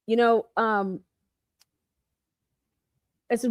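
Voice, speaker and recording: A woman's voice: mid-range voice, normal speed, dry recording. Furious profane woman ranting into a dry mic. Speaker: podcast host. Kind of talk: angry monologue.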